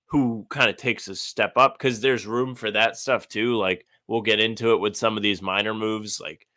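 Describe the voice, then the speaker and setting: A man's voice: on the low side, bright, forceful tone, dry recording. A man co-hosting a podcast in casual chat, teasing his partner and reading out news. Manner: teasing, reads news reports aloud. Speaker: podcast co-host.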